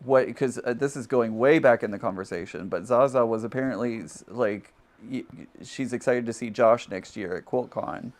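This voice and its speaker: A man's voice: medium pitch, normal speed. Joking man chatting off-mic at home. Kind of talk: casual banter. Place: home sewing room, indoors.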